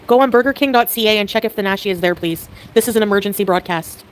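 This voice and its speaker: A woman chatting casually on a livestream, excitable and giggly, with quick swings in mood. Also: medium pitch, rough recording.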